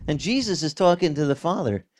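Male pastor, conversational sermon, slightly high voice, very lively intonation. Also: a little fast. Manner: animated, conversational teaching with vivid reenactments.

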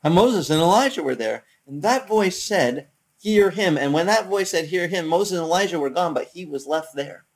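A man preaching a sermon as pastor, conversational and animated, acting out quotes from the story. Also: a little high, moderate pace, few pauses.

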